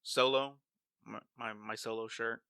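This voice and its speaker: A man's voice: lowish voice, level tone, unhurried, vocal fry, crowd noise. A man co-hosting a podcast in casual chat, playful and teasing with his co-host. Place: home studio on video.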